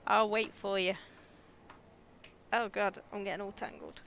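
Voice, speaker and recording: A woman's voice: medium pitch, sharp tone, a little hiss or hum. A young woman with an English Midlands accent chatting casually and giggling as she streams a game. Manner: chatty, giggly, reacts aloud to scares. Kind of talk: casual live gameplay commentary.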